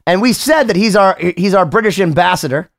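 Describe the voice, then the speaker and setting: A man hosting a podcast, talking in an animated, rambling way with casual swearing. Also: high-pitched, fairly quick, gravelly. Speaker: podcast host.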